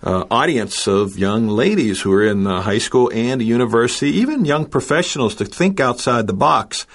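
Brief: man, mid-pitched, upbeat and playful radio co-host. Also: expressive, normal speed.

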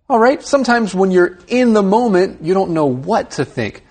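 A man's voice: high voice, lively intonation, normal speed, few pauses, darkish tone. Man co-hosting an English lesson. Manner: explanatory, reads quotes aloud. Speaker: radio English lesson co-host. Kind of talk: explaining a reading passage.

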